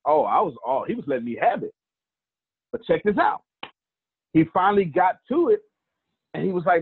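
A man hosting a live teaching session. He tells stories in a colloquial, animated way and calls on listeners by name. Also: high voice, normal speed, long pauses, husky, no room sound. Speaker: teacher and host. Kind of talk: live teaching talk with storytelling. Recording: tinny phone-like dry line.

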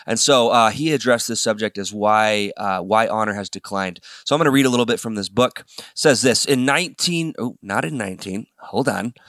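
A man's voice: on the low side, a little fast, hardly any pauses, fairly bright tone, no echo, studio quality. A man hosting a casual talk show, reading from a book and chatting between passages, laughing often. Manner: chatty, laughs often, drifts into a put-on New York accent and out again. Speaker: podcast host.

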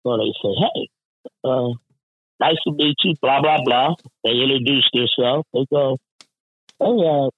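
A man's voice: mid-range voice, a little slow, pauses often, breathy edge, no room sound, narrow, tinny audio. A man telling a workplace story in casual, profane talk, acting out the people in it with lots of swearing. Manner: profane, animated, acts out quoted voices. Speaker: union representative telling a story.

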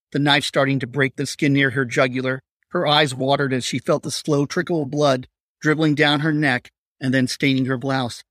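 A man reading a suspenseful crime story aloud in a steady, measured way. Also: fairly high pitch, dry recording, studio quality. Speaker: narrator. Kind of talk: scripted story narration.

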